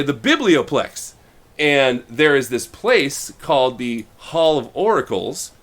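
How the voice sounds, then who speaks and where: A man co-hosting a podcast, casually retelling a story and acting out the characters' lines in quick little voices. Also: medium pitch, fairly bright tone. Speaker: podcast co-host.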